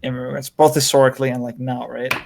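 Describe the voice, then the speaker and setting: A man's voice: medium pitch, level tone, fast, creaky, darkish tone, a little hiss or hum. A man hosting a podcast in a casual chat, rambling and filling his talk with "like" and "right?". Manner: rambling, heavy use of "like" and "right?". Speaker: podcast host. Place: lives in Korea.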